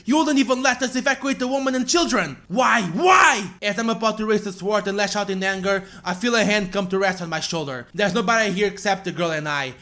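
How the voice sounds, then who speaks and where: Bright-voiced young man reading a story game. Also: high-pitched. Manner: dramatic narration broken by casual asides. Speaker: gaming channel host.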